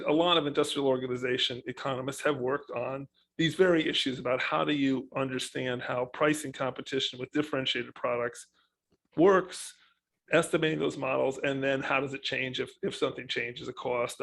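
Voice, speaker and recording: A man speaking as an economist on a panel, telling his points with animated emphasis. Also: medium pitch, fairly quick, gravelly, low-quality recording. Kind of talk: panel discussion.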